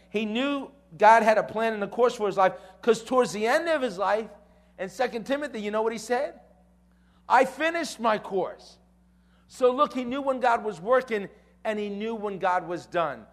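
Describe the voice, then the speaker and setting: High-voiced man preaching a lively sermon. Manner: storytelling, engages the crowd with call-and-response. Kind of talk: sermon to a youth audience.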